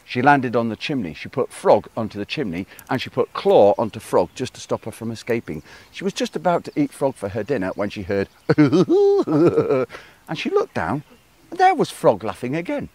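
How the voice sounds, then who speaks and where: A male storyteller telling a folk tale to a live audience, playful and expressive. His voice rises and falls in a lively way, and it sounds dry and close, with no room echo. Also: medium pitch, moderate pace. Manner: expressive, playful, talks with the listeners.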